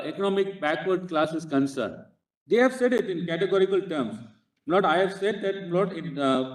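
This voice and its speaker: His voice sits high and a little mellow, slightly raised as he makes a legal argument to a court bench in Indian-accented English. Almost every clause carries a respectful "Lord," giving his speech a halting, insistent rhythm. A distant microphone picks him up, so the courtroom sound is echoey and roomy.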